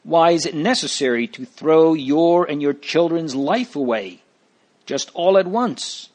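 A man's voice: a little high, lively intonation, unhurried, a little mellow, voice pushed up. A man voicing a scolding neighbor woman. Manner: urgent, scolding, pleading.

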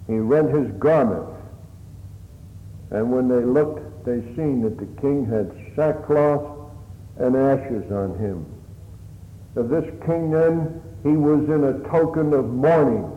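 A man preaching a sermon in an earnest, plain-spoken way, his voice rising for emphasis and dropping low to reflect. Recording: echoey hall on a tinny line.

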